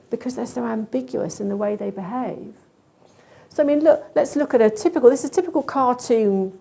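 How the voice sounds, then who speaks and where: A woman giving a lively, expressive conference talk about cat behaviour. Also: a little high. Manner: lively, expressive, acts out animal thoughts.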